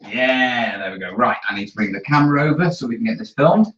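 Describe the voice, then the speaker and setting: A man's voice: medium pitch, lively intonation, fast talker, fairly bright tone, slight background noise. Bloke chatting away to his viewers, echoey workshop, kinda muffled. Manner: chatty, easygoing, talks to viewers while working. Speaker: terrain-building channel host. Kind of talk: casual chat during a live studio stream. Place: hobby workshop studio. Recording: roomy, distant, dull mic.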